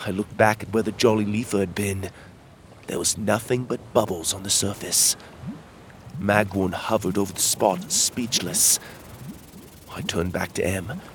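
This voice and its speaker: A man narrating a children's fantasy adventure in the first person, reading at a measured, steady pace. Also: lowish voice, slight background noise. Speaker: storyteller.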